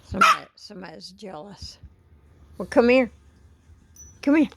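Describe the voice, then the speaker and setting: Woman, husky and unhurried, phone-filmed at home, doting baby talk to pets. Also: on the high side, very animated, fairly bright tone, no room sound. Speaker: pet owner filming her cats. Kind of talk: casual pet talk. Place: at home indoors.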